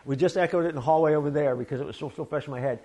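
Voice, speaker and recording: A pastor with a fairly high voice gives a casual, animated sermon full of quick asides and small acted-out quotes. He drifts between loud bursts and softer, slower stretches.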